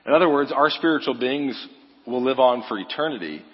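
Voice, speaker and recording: A guest preacher in a church sanctuary gives a casual, joking sermon, talking loosely and conversationally and saying "like" a lot. His mid-range voice is animated and brisk with a breathy edge, and the echoey hall leaves the sound slightly dull.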